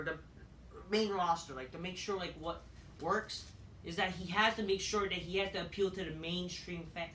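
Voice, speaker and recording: A woman's voice: medium pitch, a bit bright. Woman ranting on her vlog, keeps repeating herself, swears, mic's kinda far off in an echoey room. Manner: rambling, repeats phrases, swears, restarts sentences. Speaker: wrestling commentary vlogger. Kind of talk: ranting casual commentary. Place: at home. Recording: roomy echo, distant from mic, faint noise.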